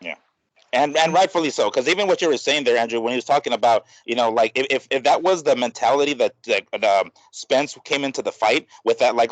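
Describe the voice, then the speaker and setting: A man's voice: mid-range voice, fast talker, no echo, low-quality recording. A man co-hosting a boxing podcast, rambling with frequent restarts and casual swearing. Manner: rambling, many restarts, profane. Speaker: podcast co-host.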